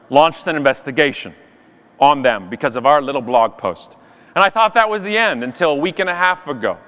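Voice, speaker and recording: A man's voice: high-pitched, a bit bright. Punchy man in an echoing hall. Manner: sarcastic, punchy storytelling. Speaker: conference speaker. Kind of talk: comedic keynote talk. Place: large conference hall. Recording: live hall reverb.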